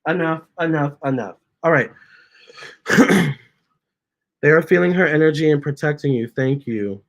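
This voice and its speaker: Male vlog host, voice pitched a bit high, casual and animated storytelling, coaxes his pets mid-sentence. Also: unhurried, creaky. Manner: chatty and animated, breaks off to coax his cats. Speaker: tarot reader and channel host. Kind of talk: casual storytime, reading out viewer comments.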